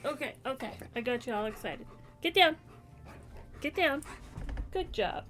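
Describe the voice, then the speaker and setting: A woman's voice: on the high side, expressive, normal speed. A woman streaming at home as she crafts, chatting casually and coaxing her dog in a playful way. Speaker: crochet streamer. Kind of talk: casual chat while crafting.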